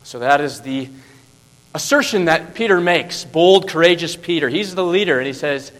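A man preaching in a big reverberant hall, his voice sitting a touch higher than most men's. He moves from near-whispered asides to forceful, insistent stresses and keeps throwing rhetorical questions at the congregation. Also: lively intonation, normal speed. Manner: emphatic, rhetorical questions, swings from hushed to loud. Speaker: pastor. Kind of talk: sermon.

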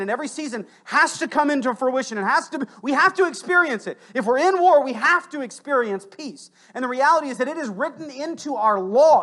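A pastor preaching to his congregation in church, conversational with asides to listeners, swinging between loud emphatic bursts and quiet low stretches. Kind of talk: sermon. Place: church sanctuary.

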